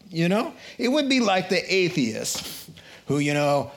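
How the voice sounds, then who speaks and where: A man preaching a sermon, telling a joke and acting out the characters in quotes with an animated delivery. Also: high voice, a little slow.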